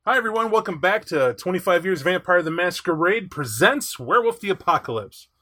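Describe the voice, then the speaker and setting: A man hosting a podcast in casual chat, animated and chatty, reading aloud from a rulebook. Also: sits high, brisk. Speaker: podcast host.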